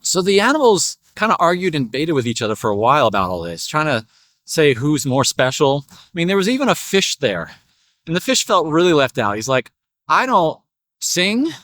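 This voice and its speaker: A man's voice: fairly high pitch, very animated, brisk, a bit bright, dry recording, clean studio sound. A man telling a spiritual parable in a casual, chatty way. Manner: casual, chatty narration with fillers. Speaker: storyteller.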